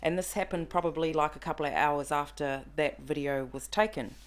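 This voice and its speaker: A woman in her thirties chatting on a podcast, telling a personal story in an animated way and acting out the quotes. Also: low-pitched, brisk, smooth. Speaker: podcast guest. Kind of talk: casual conversation, storytelling.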